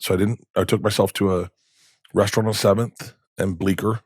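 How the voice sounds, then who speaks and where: A man's voice: low voice, fast, husky, dry recording, studio quality. A male comedian who is a podcast guest, telling stories in a casual interview and acting out the people in them. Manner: animated, acts out the people in his stories. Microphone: studio podcast mic.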